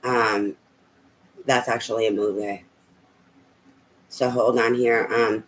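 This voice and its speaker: A man's voice: medium pitch, little pitch movement, takes it slowly, pauses often, low-quality recording. A man giving a casual spoken tarot reading, rambling and hesitant with many fillers. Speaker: tarot reader.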